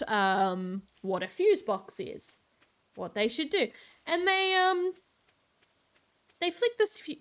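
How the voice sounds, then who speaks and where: Woman streamer, slightly high-pitched, casual exasperated storyteller, heavy on the ums. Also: a bit bright. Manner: chatty, exasperated, lots of filler ums. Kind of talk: casual storytelling while gaming.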